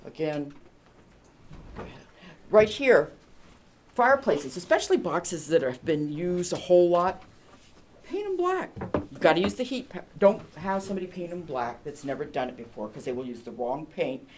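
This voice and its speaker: Brief: woman realtor, slightly low voice, lively delivery, seminar tips, faint noise behind. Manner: chatty, emphatic, asides and quick tips. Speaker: realtor giving a staging seminar. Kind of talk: presentation to an audience.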